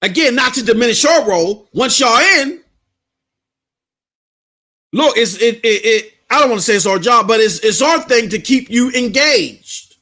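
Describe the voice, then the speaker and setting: A middle-aged man, hosting a casual live gaming stream, animated and repetitive, laughing often. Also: extremely high pitch, moderate pace.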